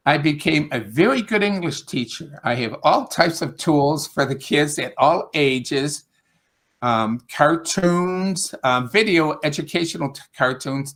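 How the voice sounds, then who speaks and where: A man with an upstate New York accent chats casually on a video call about teaching English, rambling with fillers and restarts. His voice is a little high and a bit bright.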